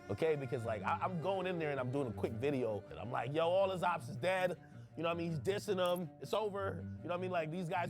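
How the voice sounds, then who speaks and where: A man in his thirties, a hip hop commentator, recalling his past in a lively, chatty documentary interview. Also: medium pitch. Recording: music bed under interview.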